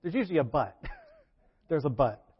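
A man with a slightly high voice preaches a casual, chatty sermon. He acts out Bible figures and laughs between points. The recording sounds dull and lo-fi. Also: normal speed, slightly rough. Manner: conversational, acts out Bible characters with lively shifts.

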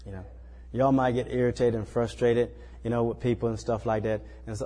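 With a mid-range, mellow voice and a flat, brisk delivery, a man gives a folksy sermon in a small church. He keeps it conversational, often checking in with his listeners through tag questions like "you know," and the sound has a big-room feel.

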